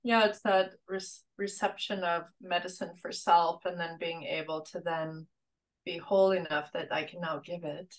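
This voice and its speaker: A woman's voice: lowish voice, steady tone, moderate pace, low-quality recording. A woman speaking as a coach in a casual interview, with an earnest, inspirational manner and repeated words. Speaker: rewilding coach interviewed as guest.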